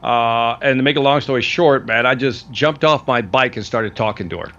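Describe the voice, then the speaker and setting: A man in the middle of the male pitch range, talking easily as an interview guest, with "man" and "brother" sprinkled through his speech. His audio sounds dull and lo-fi, like a remote call. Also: moderate pace. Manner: relaxed, says "man" and "brother". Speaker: guest sales trainer. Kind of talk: casual interview chat.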